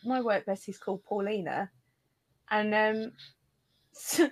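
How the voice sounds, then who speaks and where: A woman from the UK co-hosting a podcast, telling stories in an animated way. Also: medium pitch, takes it slowly, rough recording. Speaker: podcast co-host. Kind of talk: casual chat.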